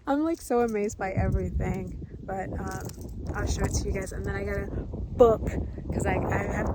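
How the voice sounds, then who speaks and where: A woman vlogging outdoors on a phone camera, chatty and excited, often laughing. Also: mid-range voice, very noisy. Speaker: travel vlogger. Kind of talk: casual vlog narration. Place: outdoors at a house and its grounds.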